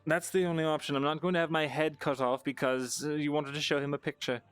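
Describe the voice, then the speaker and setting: A man's voice: a little high, level tone, fast talker, clean tone, no echo, natural voice. A man voicing a cautious, rule-bound male scribe in a live fantasy roleplay, speaking with lots of hesitant fillers and dry understatement. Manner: hesitant, many ums and uhs, dry understatement. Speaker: roleplay player.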